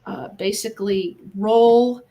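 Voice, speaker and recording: A woman's voice: mid-range voice, slow pace, dark tone. A middle-aged American woman, a guest in an interview, telling her story in an earnest, encouraging way. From United States. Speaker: guest, animal communicator. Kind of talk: casual interview talk.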